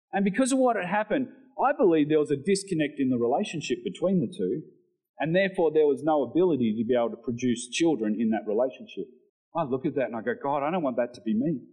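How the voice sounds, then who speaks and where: Aussie pastor guy preaching, fairly high voice, chatty asides to the church. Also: a little fast, slightly rough, rough recording. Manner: animated preaching, rises in pitch on scripture; conversational asides to the congregation. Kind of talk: sermon.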